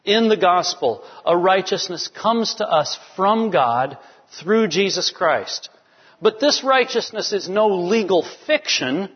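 Pastor guy preaching, measured scripture reading, slightly high voice, muffled church recording. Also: expressive, breathy edge, in a large hall. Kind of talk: sermon. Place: church sanctuary.

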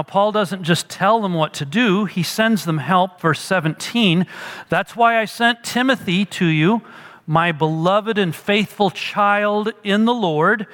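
High, bright-voiced preacher in a reverberant hall. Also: male voice. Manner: earnest expository preaching, with emphatic quoted lines. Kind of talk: sermon.

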